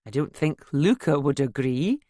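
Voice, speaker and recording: A woman's voice: low voice, expressive, measured pace, mellow, no echo, studio quality. A woman voicing a breezy, cheerful female friend in an audiobook.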